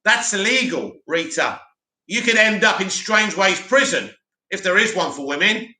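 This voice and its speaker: Man, sore throat, high voice, very bright tone, blunt livestream host, roomy echo. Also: lively intonation, moderate pace. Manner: blunt, opinionated, reads comments aloud. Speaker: livestream host reading chat. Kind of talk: casual livestream commentary.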